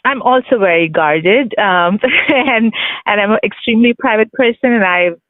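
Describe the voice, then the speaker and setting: A woman's voice: mid-range voice, normal speed, no echo. A woman from India with an Indian English accent with British touches, a guest author chatting candidly in an interview, full of fillers and restarts. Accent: Indian English with British influence. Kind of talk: casual interview chat. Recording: dry phone-line sound.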